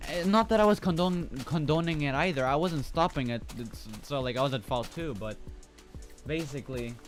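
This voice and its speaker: A man's voice: fairly high pitch, moderate pace, faint music behind. A man from the Philippines, a streamer, chatting casually and telling a story in a rambling way full of fillers. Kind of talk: casual chat.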